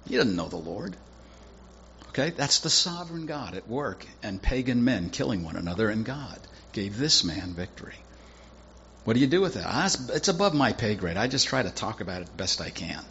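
A man's voice: lowish voice, a bit bright, highs cut off, slight background noise. A male pastor preaching a sermon in a conversational, folksy storytelling way with casual asides.

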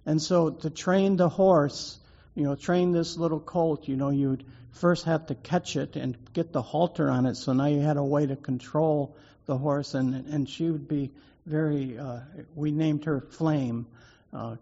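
A man telling a personal story to draw out a lesson, in a halting way with many repeated words and restarts. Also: fairly high pitch, mellow. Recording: dull lo-fi recording.

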